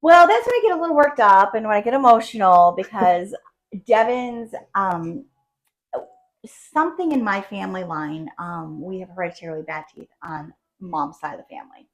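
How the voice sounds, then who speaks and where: A woman's voice: medium pitch, lively intonation, moderate pace, low-quality recording. Emotional middle-aged woman sharing her story. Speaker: patient guest. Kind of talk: casual podcast interview.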